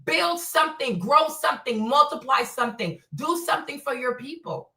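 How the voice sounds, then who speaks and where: A woman's voice: high voice, lively intonation, moderate pace, bright, forceful tone. A woman from Africa hosting a livestream, ranting bluntly and profanely with many rhetorical questions. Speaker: show host. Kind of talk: opinionated livestream rant. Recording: echoey room, mic at a distance.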